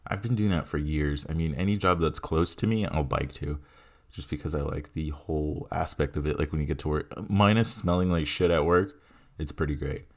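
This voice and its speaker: A young man in his twenties with a very low voice hosts his own podcast. He talks casually in a rambling, profane, self-deprecating way, recorded on a home mic. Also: fairly even intonation, moderate pace. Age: 20s. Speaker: podcast host. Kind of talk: casual solo podcast monologue. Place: home room. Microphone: headphones with home mic.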